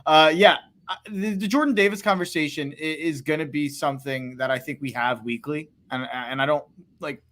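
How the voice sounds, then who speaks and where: A man's voice: fairly high pitch, normal speed, a bit bright. A man co-hosting a sports podcast, talking football in a rambling way with many restarts and hedges. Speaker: podcast co-host. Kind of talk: casual sports talk.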